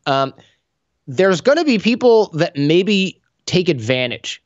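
Male podcast guest, lively storyteller, dry close sound, slightly lo-fi. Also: high voice, slow pace, dry recording. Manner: animated storyteller acting out dialogue. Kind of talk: conversational interview.

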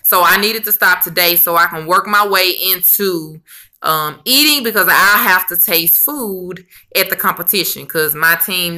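Bright, slow-talking woman vlogger. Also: on the low side. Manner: chatty, addresses viewers as y'all and honey; emotional and expressive, rambling with restarts. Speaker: weight-loss vlogger. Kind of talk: casual chat to camera.

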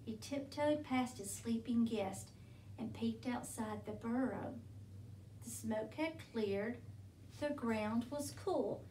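A woman reading a picture book aloud in a gentle, unhurried storytelling manner. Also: fairly high pitch, a little hiss or hum. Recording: roomy, from a distance.

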